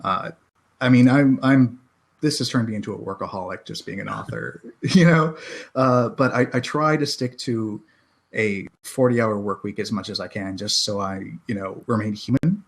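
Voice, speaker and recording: Chatty American man, halting and self-deprecating. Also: on the low side. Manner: halting, many restarts and self-deprecating laughs. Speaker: podcast guest, self-published author. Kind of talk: casual podcast chat.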